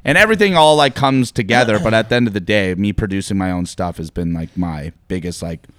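A man's voice: fairly low pitch, brisk, no echo, clean studio sound. A man in his thirties, a podcast guest, talking casually and rambling with lots of filler words. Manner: relaxed, rambling with many fillers. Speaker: podcast guest, event producer. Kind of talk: casual conversation.

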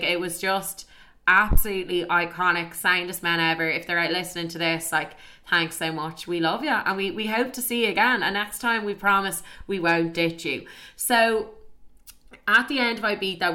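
Young Irish woman, casual storyteller, chatty and sweary, lowish bright voice. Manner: chatty, peppered with "like", swears freely.

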